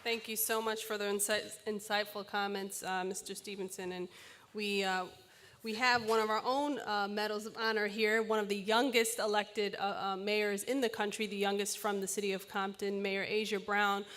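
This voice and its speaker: A woman moderating a panel, introducing the next speaker in a halting way with many fillers. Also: mid-range voice, little pitch movement, fairly bright tone.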